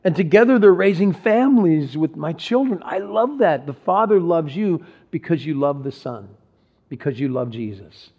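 A man's voice: fairly high pitch, animated, normal speed. Earnest male pastor in dull lo-fi audio. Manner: earnest, conversational preaching with frequent restarts. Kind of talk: sermon. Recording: dull lo-fi sound.

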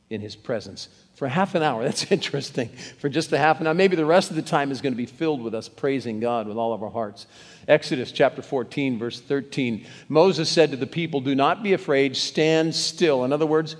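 A man preaching a sermon, reading scripture aloud and urging the congregation to read along. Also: mid-range voice. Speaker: pastor. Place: church sanctuary. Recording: long hall reverb.

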